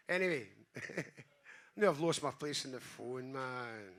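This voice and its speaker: A man's voice: mid-range voice, expressive, unhurried, fairly bright tone. Scottish man performing spoken-word poetry. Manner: earnest, with sweary asides to the crowd. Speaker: poet. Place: small live venue stage.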